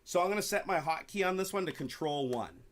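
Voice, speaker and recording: A man walking viewers through software settings step by step in a screen-recorded tutorial, talking to them directly. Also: a little high, expressive, a little fast. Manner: clear step-by-step explaining, addresses viewers directly. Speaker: tutorial presenter.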